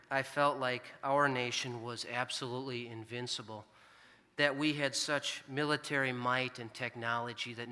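A man's voice: medium pitch, pushed and bright, clear, resonant tone. A middle-aged American man preaching a sermon, telling a family story in an earnest, conversational way. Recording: long hall reverb.

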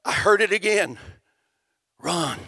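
High-pitched gravelly male preacher. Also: moderate pace, no room sound. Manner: folksy storytelling that builds to shouting. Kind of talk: sermon testimony.

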